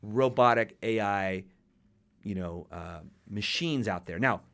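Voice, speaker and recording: A man's voice: fairly low pitch, slow pace, vocal fry, fairly bright tone. A man hosting a casual podcast, talking in an enthusiastic, jokey way.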